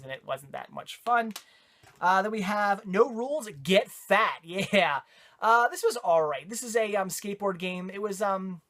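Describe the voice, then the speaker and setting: A man's voice: a little high, fairly bright tone. A man chatting casually and enthusiastically about games he picked up, rambling with fillers and restarts. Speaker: video game collector reviewing pickups. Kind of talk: casual chat.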